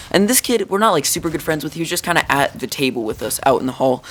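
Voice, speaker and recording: A man's voice: medium pitch, quick pace. A teenage boy telling a story from school in a casual vlog, rambling and joking, with lots of "like" and "dude". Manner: rambling, jokey, full of "like" and "dude". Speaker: YouTuber.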